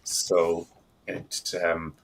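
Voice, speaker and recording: A man's voice: low-pitched, completely flat delivery, extremely slow, creaky, a crowd in the background, rough recording. A man answering questions as an interview guest, speaking in a reflective, thoughtful way. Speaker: guest hypnotherapist.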